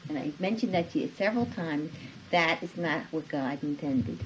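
A woman's voice: low voice, lively intonation, normal speed, slight background noise. A middle-aged mother speaking firmly and lecturing in a family argument. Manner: firm, lecturing. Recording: dull lo-fi home recording.

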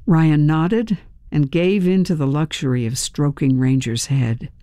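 A woman's voice: low voice, a little slow, mellow, no room sound. A woman narrating a first-person audiobook with a wry, dryly humorous manner.

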